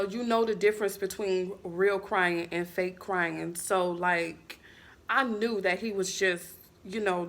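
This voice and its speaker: A woman's voice: lowish voice, gravelly, a bit bright. A woman vlogger talking casually and bluntly to camera, full of fillers and frank swearing. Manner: candid, filler-heavy, blunt with profanity. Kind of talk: casual vlog talk to camera.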